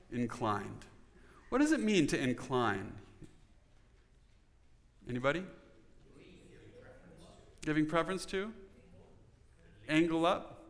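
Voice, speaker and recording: Guy preaching a sermon, kinda high voice, earnest and chatty, big echoey church sound. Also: a bit bright. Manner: earnest, conversational preaching with audience questions. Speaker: pastor.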